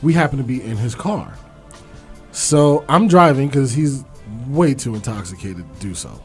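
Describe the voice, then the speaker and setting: A man's voice: medium pitch, expressive, faint music behind. A man co-hosting a radio talk show who teases the host and jumps in with remarks, then tells his own story, on a studio microphone. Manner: teasing, quick to interject.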